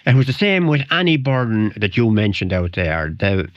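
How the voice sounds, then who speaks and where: A man's voice: fairly low pitch, big pitch swings, normal speed, no room sound. An older man with a Wicklow Irish accent, a guest in a radio interview, telling rambling anecdotes and chuckling. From Ireland. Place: radio studio. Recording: dry, dull 1990 radio studio recording.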